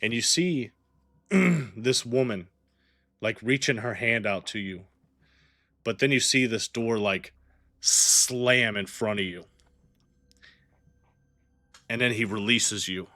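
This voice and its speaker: Bright-voiced man narrating a tabletop game. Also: mid-range voice, takes it slowly, pauses often, dry recording. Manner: casual narration full of "like". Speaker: game master.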